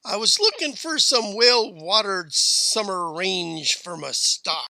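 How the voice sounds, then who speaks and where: A man's voice: high voice, animated, slow, creaky, pushed and bright, dry recording, pitched above the performer's own voice, heavily acted. A man voicing a fussy, whining frontier town mayor who gets flustered. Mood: telling.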